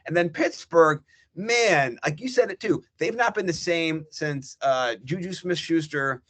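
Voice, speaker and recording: Animated, swearing man ranting on a podcast. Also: on the high side, unhurried. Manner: animated, profane ranting with mock quotes. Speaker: podcast guest, fantasy football analyst. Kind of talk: casual podcast chat.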